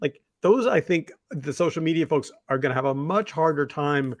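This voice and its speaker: Higher-voiced man, dry close sound. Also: animated, moderate pace, dry recording. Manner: reflective storyteller, rambling with fillers. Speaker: podcast co-host. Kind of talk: casual discussion.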